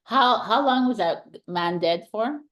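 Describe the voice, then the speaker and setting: A woman's voice: fairly high pitch, lively intonation, measured pace, a bit bright. A woman hosting a casual spiritual chat as a tarot reader, earnestly passing on intuitive messages with emphasis.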